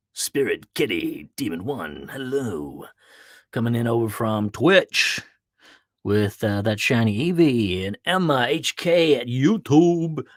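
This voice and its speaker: A man's voice: lowish voice, no echo, clean studio sound. A man hosting a casual livestream podcast, playful and jokey, greeting viewers by name as he chats. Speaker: podcast host.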